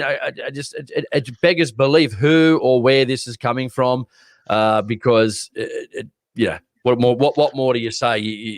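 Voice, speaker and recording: A man's voice: mid-range voice, no echo. Australian male co-host, blunt ranter, stutters on repeats, dry sound. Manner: blunt, ranting, repeats words when worked up. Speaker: podcast co-host. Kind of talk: casual livestream chat.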